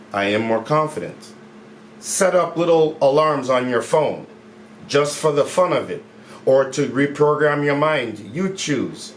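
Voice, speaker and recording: A man talking to camera as a mindset coach in a casual, upbeat way, repeating his phrases and stretching key words slowly. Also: mid-range voice. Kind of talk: casual motivational talk to camera. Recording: echoey room with faint background noise.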